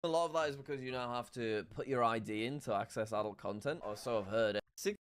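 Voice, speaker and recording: A man giving casual, chatty commentary as he reacts to maps. He is easily amazed and jumps into sudden excitement. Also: medium pitch, fast talker, clear, resonant tone. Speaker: gaming video creator.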